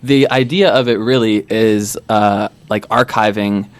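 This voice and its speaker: Laid-back man in his thirties, low voice. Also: fairly even intonation, unhurried. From Canada. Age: 30s. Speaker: music producer and guest. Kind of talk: casual radio studio chat. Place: radio studio.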